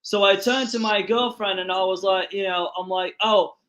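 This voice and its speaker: A man hosting a podcast, telling stories in an animated, profane way. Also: high voice, normal speed. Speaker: podcast host. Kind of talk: casual storytelling chat.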